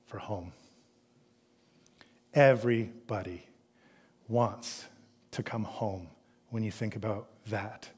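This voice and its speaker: A man preaching a sermon as a pastor, earnest, reading scripture and building from hushed to animated. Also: mid-range voice.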